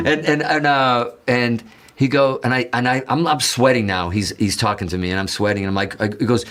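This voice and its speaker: A man from the Azores telling an excited, rambling story as a guitarist guest, swearing and acting out quotes. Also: fairly low pitch, fairly quick, faint music behind. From Azores, Portugal. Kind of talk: animated storytelling in an interview.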